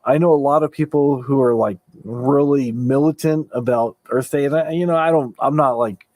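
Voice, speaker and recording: A man's voice: medium pitch, normal speed, darkish tone, no echo. A man hosting a late-night livestream, chatting casually in a laid-back, rambling way with restarts and chuckles. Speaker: livestream host.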